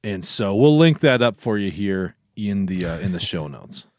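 A man's voice: fairly low pitch, very animated, moderate pace, no echo. Playful guy hosting a podcast, voice jumps up and down a lot, dry mic. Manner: laughing, playful. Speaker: podcast host. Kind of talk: casual chat.

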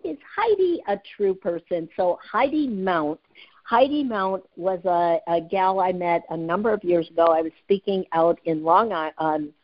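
A woman in her fifties, a sales and speaking trainer, telling stories with lively energy and frequent laughter in an interview. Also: on the low side, moderate pace. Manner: lively, laughs often, acts out dialogue. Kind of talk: animated storytelling in an interview. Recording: dull lo-fi audio.

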